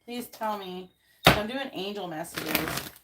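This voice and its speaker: A woman's voice: medium pitch, unhurried, heavy background noise. A woman who hosts tarot readings, telling a story in an indignant, casual rant full of swearing and fillers. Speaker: tarot card reader host.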